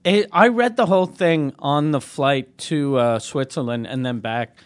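A man co-hosting a casual podcast, relaxed and profane, laughing often. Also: a little high, unhurried. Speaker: podcast co-host. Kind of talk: casual chat.

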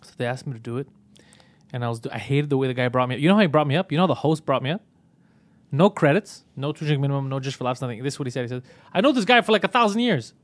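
Fast-talking, profane comedian telling stories. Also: male voice, mid-range voice, dry recording. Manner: profane, animated storytelling. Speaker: podcast host; stand-up comedian. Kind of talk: casual chat.

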